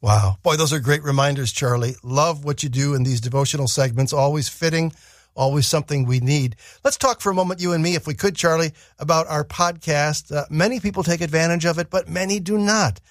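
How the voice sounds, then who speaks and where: A man co-hosting a radio program, talking upbeat and spelling out web and email addresses slowly. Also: fairly high pitch, dry recording, clean studio sound. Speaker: radio co-host and announcer. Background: faint music.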